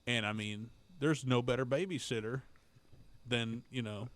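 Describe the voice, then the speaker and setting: A man, co-hosting a morning radio show and telling stories with animated laughter. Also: medium pitch, a little slow. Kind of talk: casual radio banter.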